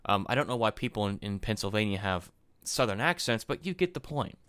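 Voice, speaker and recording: A man hosting a podcast, giving solo political commentary in a rambling, animated way and often repeating himself. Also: fairly low pitch, a little fast, clear, resonant tone, no echo, studio quality. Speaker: podcast host.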